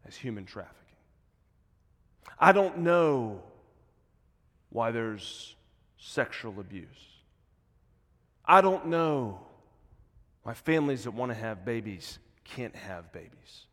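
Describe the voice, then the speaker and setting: A male pastor preaching a sermon, moving between quiet, hushed passages and loud, emphatic peaks. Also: fairly low pitch. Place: church sanctuary. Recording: long hall reverb in a church.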